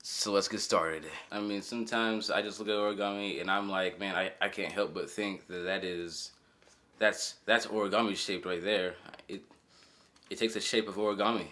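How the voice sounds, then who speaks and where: A man's voice: fairly low pitch, steady tone, normal speed, bright, forceful tone. A young man hosting a jokey, rambling origami tutorial from his bedroom, with mock-dramatic asides. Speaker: channel host. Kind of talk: goofy origami tutorial vlog. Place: bedroom, at a bare mattress.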